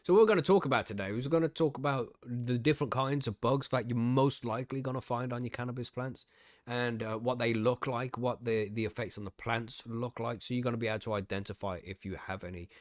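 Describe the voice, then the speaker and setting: A man hosts a relaxed podcast conversation, cracking jokes and laughing between points. His voice sits in a middle pitch. The sound is dry, with no room echo. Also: fast talker. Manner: joking, laughs often, playful asides. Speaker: podcast host. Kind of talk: casual podcast chat.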